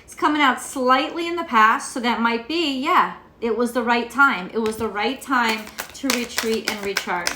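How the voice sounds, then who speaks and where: A woman's voice: on the high side, normal speed, hardly any pauses, sharp tone, slight background noise. An American woman reading tarot cards in a casual vlog, rambling and cursing freely as she rants. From United States. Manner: profane ranting, rambling. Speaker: tarot reader. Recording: echoey room.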